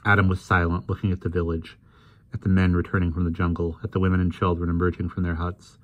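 A man reading a novel aloud in measured, unhurried narration. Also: sits low, completely flat delivery. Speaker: audiobook reader.

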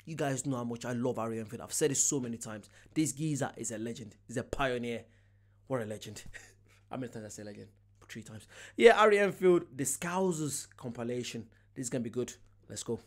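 Male reaction vlogger, excitable, laughs a lot, mid-pitched voice. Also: a little fast. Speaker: reaction video host. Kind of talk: casual reaction commentary.

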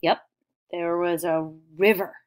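A woman teacher leads young children through retelling a familiar story. She speaks slowly and warmly, prompting them with questions and praising their answers. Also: fairly low pitch, steady tone. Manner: slow, encouraging questions.

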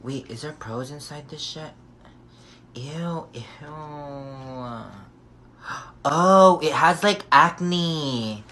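A man's voice: on the high side, extremely slow, sharp tone, slight background noise. A young man vlogging casually, sassy and profane, with dramatic shrieks and gasps. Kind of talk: casual vlog chat.

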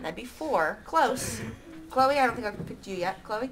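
A woman's voice: on the high side, animated, crowd noise. Teacher woman drawing ideas from a class. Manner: reads lines slowly, counting syllables. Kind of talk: classroom lesson.

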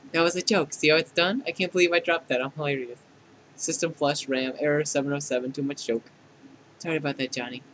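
A man's voice: a little fast, slight background noise, lightly acted, poor audio. A man voicing a condescending, clingy female AI program in a fan dub of a dating game, with mocking, clinical put-downs. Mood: smug. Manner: deadpan scolding that tips into shrill outbursts.

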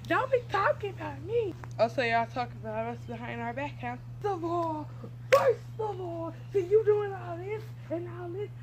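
A woman playing a brash teen girl spoiling for a fight, high voice that jumps all over. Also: animated, moderate pace, very noisy. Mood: defiant. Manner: loud, confrontational, repeats taunts. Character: hot-tempered teen girl picking fights.

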